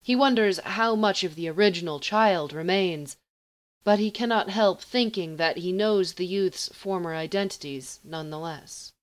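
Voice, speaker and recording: A woman reading a story aloud in a measured, even way. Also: on the low side. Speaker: narrator.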